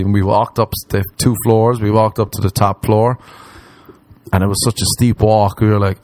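A man's voice: on the low side, brisk, a little mellow. A man, a comedian telling a rambling story in casual chat, swearing and acting out the people he quotes. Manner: swearing, acts out quoted voices.

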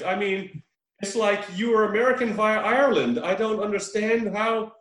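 A man with a fairly high voice tells a movie scene with lively, joking energy. He acts out bits of the characters. The room around him sounds echoey. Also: normal speed. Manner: animated storytelling with laughs and mimicked quotes. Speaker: podcast co-host. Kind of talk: casual chat recapping a movie.

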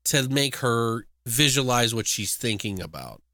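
Bright-voiced man ranting on a podcast. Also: medium pitch, measured pace, no room sound, studio quality. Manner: animated, profane, ranting. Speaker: podcast co-host. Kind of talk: casual chat.

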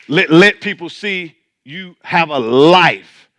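Bright, high-voiced male pastor preaching. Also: lively intonation, takes it slowly. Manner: colloquial, joking preaching to a congregation. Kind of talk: sermon.

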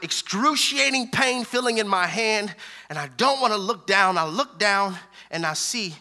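A man preaching a sermon in a high, piercing voice, pressing each point through repetition. He swings from forceful declarations down to hushed, intimate lines and calls out to his audience for a response. His tone is sharp and urgent.

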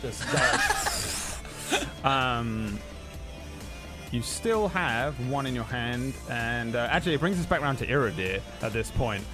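A man's voice: mid-range voice, expressive, a little slow. Laid-back male game master. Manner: casual, laughs often, filler words. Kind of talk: narrating a tabletop game. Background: background music.

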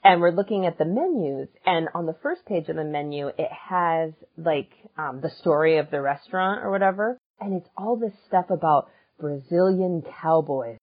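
A woman co-hosting a podcast, telling a funny story in casual chat, animated and laughing often. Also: low-pitched, moderate pace, few pauses, phone-quality sound. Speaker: podcast co-host and musician.

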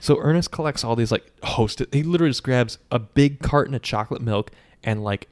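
A man in casual podcast chat, recapping a movie with lots of swearing and quick quoted voices. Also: medium pitch. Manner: profane, animated storytelling with quick quoted voices.

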